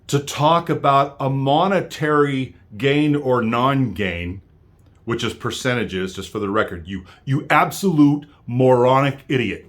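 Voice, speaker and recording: An American man delivering an angry political rant straight to his viewers, heated and full of stammering restarts. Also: mid-range voice. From United States. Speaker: vlogger.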